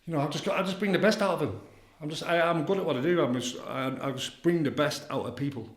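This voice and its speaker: A man's voice: a little high, fast. A man, an addiction counsellor, talking bluntly and boastfully in a podcast chat, swearing freely. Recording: echoey room.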